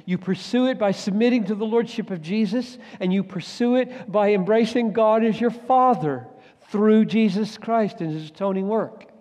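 A man preaching a sermon, swinging from loud urgent bursts to hushed, near-whispered lines. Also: sits high, moderate pace. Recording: long hall reverb.

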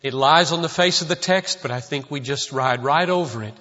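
A man's voice: a little high, brisk, bright, forceful tone. A man preaching a sermon in a church sanctuary, emphatic and repeating key lines for stress. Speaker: pastor. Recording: dull lo-fi recording with long hall reverb.

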